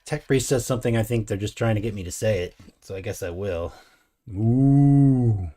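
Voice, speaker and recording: Low, mellow man co-hosting a casual stream, wry and easygoing. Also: fast talker, breathy edge. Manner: dry, wry remarks, thanks subscribers. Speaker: co-host of a live mini painting stream. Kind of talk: casual chat and reading out chat messages.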